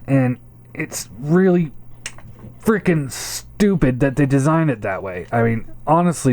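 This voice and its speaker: A man's voice: medium pitch, lively intonation, slow pace, a little mellow, a little hiss or hum. A man giving a casual hands-on toy review, frustrated and swearing, often stammering and repeating himself.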